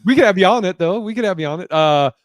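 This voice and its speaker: A man in his thirties hosting a casual podcast, telling stand-up stories in a lively, swearing, laughing way. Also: high voice, quick pace, dry recording. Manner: animated storyteller, swears freely, laughs a lot. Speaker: podcast host and comedian. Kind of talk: casual podcast chat, storytelling.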